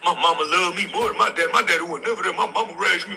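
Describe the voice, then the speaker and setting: A man's voice: high-pitched, rapid-fire, vocal fry, pushed and bright, slight background noise, low-quality recording. A young man giving an impassioned, preaching-style motivational talk, driving points home with repeated exhortations. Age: young adult. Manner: repetitive exhortations punctuated with "facts". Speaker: motivational speaker.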